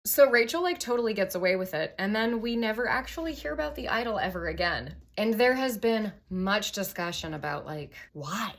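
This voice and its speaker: A woman's voice: mid-range voice, animated, fairly quick, few pauses. A young woman hosting a tipsy comedy retelling of Bible stories, sarcastic and profane, full of valley-girl fillers. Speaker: comedy podcast host.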